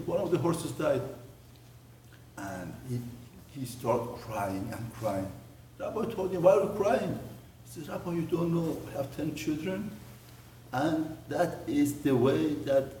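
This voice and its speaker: Rabbi giving a torah class, lively up and down voice, sounds far from the mic in an echoey room. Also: male voice, on the high side. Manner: animated storyteller, voice rising and dropping to near murmur. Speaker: rabbi teaching a mussar lesson. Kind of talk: spoken Torah lesson with storytelling. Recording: roomy, distant mic with faint ambience.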